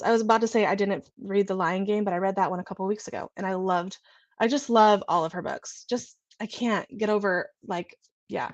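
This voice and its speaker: A young woman from California hosting a casual livestream, chatting in a bubbly, gushing, excitable way. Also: medium pitch, dry recording. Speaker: livestream host.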